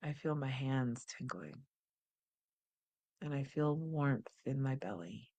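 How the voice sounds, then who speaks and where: A woman hosting a guided wellness practice, calm and unhurried, describing her body sensations as she goes. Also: a bass voice. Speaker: host leading a guided practice.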